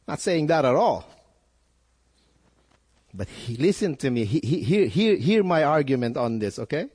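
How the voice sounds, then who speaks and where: A man's voice: a little high, sing-song, moderate pace, long pauses, a little mellow, slightly rough. A male pastor preaching a sermon, putting questions to his listeners and repeating words as he builds his point. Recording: echoey hall with long reverb.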